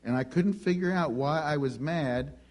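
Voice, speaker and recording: Animated male preacher telling a story. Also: on the high side, normal speed. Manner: animated, conversational, acts out dialogue. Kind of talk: sermon storytelling.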